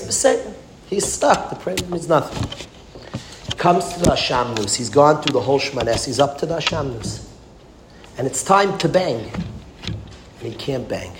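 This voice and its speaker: A man, a rabbi teaching a class, tells a story as a sermon with emphatic, repetitive phrasing that builds to passionate exclamations. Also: fairly high pitch. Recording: echoey room with background noise.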